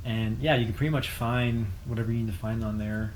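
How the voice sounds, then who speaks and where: A man's voice: mid-range voice, steady tone, fast, a little mellow, slight background noise, low-quality recording. A man, an astrologer guest, telling a story in casual chat, with many fillers and bursts of laughter.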